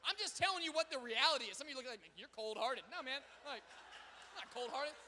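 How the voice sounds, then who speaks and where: A young man preaching a sermon as pastor, swinging between loud proclaiming and quiet storytelling. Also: extremely high pitch, lively intonation, quick pace, slight background noise. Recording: long reverb of a large hall.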